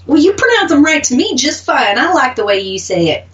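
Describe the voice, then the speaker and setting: A woman's voice: high-pitched, sing-song, brisk, a bit bright, recorded from a distance, dull audio. A woman with an Oklahoma accent co-hosting a radio show, chatting casually and laughing often. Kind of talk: casual chat.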